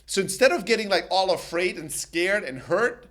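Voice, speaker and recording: High-voiced energetic man giving sales advice. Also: moderate pace, noisy background. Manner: energetic, emphatic, plain-spoken. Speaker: sales company host. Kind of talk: direct-to-camera sales advice.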